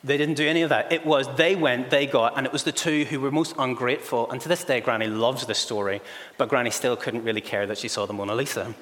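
A man preaching a sermon in a lively, humorous storytelling style, acting out the voices of the people in his stories. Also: mid-range voice, fast. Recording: long echoey hall reverb.

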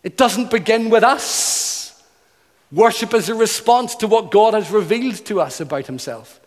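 A man's voice: high-pitched, normal speed. A man preaching a sermon in earnest, building emphasis through repeated phrases. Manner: earnest, emphatic, rhythmic repetition. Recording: long hall reverb.

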